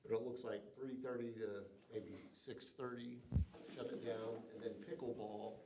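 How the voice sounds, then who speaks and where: A man's voice: mid-range voice, steady tone, unhurried. Male staffer, casual council report, heard off-mic over room noise. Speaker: city staff member. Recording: echoey room, far from mic, background noise.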